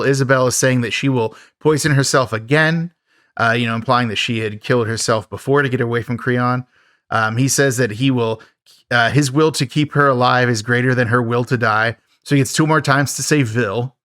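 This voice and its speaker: A man's voice: mid-range voice, a little fast, a bit bright, no echo, clean studio sound. A man hosting a podcast, recapping a film in a rambling, casual way full of fillers and wry jokes. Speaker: podcast host.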